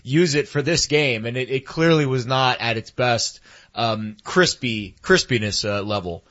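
A man's voice: mid-range voice, a little slow, fairly bright tone, muffled recording. A man co-hosting a sports show, rambling through loose everyday comparisons. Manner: rambling, uses homely comparisons. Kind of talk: casual sports chat.

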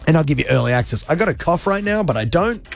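A man hosting a radio show, talking fast and jokey with casual swearing. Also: fairly high pitch, sing-song, creaky, faint music behind. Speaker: radio host. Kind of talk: energetic radio show patter. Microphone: studio microphone.

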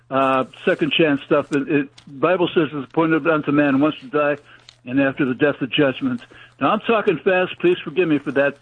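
Fervent preacher on a tinny phone line. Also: male voice, on the high side, dry recording. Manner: urgent, fervent, folksy grammar. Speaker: caller preaching on a radio talk show. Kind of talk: fast evangelistic preaching.

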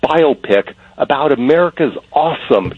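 A man's voice: a little high, expressive, moderate pace, breathy edge, no echo. A man calling in to a radio show, talking earnestly in long run-on sentences over a phone line. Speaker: caller. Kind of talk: phone-in call. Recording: dull muffled phone-in line.

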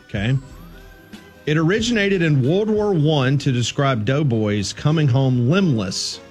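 Lively-voiced male radio host. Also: fairly high pitch, a little slow, slightly rough, faint music behind. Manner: quizzing co-hosts on word origins. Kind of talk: casual quiz banter.

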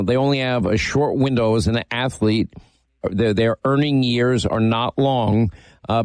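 A man's voice: medium pitch, a little mellow, no room sound. A man hosting a radio talk show, chatting casually through a live ad read with frequent fillers.

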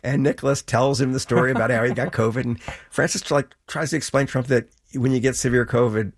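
A middle-aged man, the author and guest in an interview, telling animated stories and acting out the quoted exchanges. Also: medium pitch, quick pace, dry recording, clean studio sound. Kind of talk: conversational interview.

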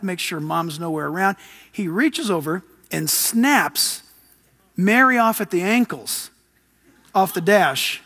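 High-voiced man preaching a sermon. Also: in a large hall. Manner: emphatic preaching, tells jokes and stories, rising to loud exhortation.

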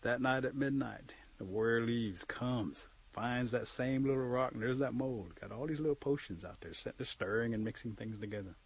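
A man telling a traditional story aloud, animated, swinging between loud and soft, with joking asides. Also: mid-range voice, fairly quick, hardly any pauses, breathy edge. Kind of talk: oral storytelling. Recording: dull lo-fi recording.

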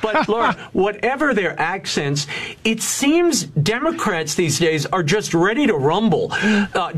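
A man with a high, lively voice that swings widely in pitch. He hosts with emphatic, incredulous commentary. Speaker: show host. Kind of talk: talk-show commentary.

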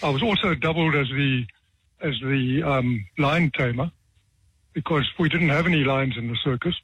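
A man in his seventies, a retired judge from South Africa, tells stories from his career with dry, self-deprecating humor and measured pauses. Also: medium pitch, a bit bright, husky, dry recording. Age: 70s. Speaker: retired judge, author guest. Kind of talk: relaxed anecdotal storytelling. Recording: dull, dry radio sound.

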